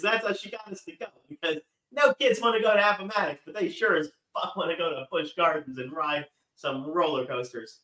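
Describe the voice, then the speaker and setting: A man's voice: a little high, animated, a little fast, sharp tone, roomy sound, poor audio. A man from Maryland hosting a morning show, delivering a rambling, irreverent political monologue with swearing and asides.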